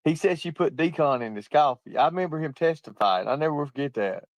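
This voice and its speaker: A man with a fairly high, lively voice talks fast with no echo as a livestream host. Between bursts of laughter he tells profane stories and reads out viewer comments in a casual chat.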